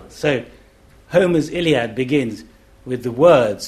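Slow, deliberate man explaining. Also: mid-range voice, darkish tone, a little hiss or hum. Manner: demonstrative, chants rhythms aloud; measured and deliberate. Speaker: festival panel speaker, classics scholar. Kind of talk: explanatory public talk.

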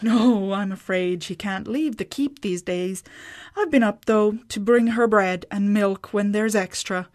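A practical farm woman with little patience, speaking briskly and matter-of-factly, voiced by a woman narrator. Her tone stays plain and direct in a storybook reading. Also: medium pitch, darkish tone, natural voice.

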